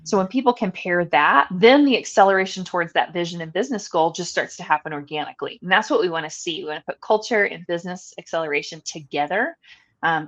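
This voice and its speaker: A woman talking as a podcast guest in a fairly low voice. She explains her points earnestly and at length, with a few filler ums. Her delivery is conversational rather than scripted. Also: fairly bright tone. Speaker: guest, leadership consultant. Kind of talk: conversational interview.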